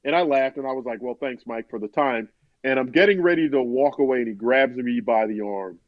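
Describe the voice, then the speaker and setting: A man's voice: mid-range voice, fairly quick, no echo. Man telling a long story, dry sound. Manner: rambling, many restarts, quotes others in his own voice. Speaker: sportswriter guest. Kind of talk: conversational storytelling. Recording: dull, dry podcast audio.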